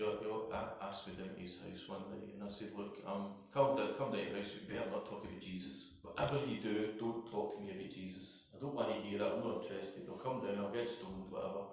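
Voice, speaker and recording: A middle-aged Scottish man giving an emotional personal testimony in church, his voice catching with tears at times. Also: on the low side. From Scotland. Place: church hall. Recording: echoey hall, distant mic.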